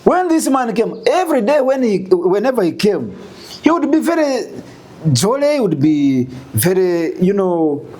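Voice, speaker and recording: A Ugandan man telling a story in an interview, animated and full of rhetorical questions. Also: sits high, unhurried. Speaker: guest.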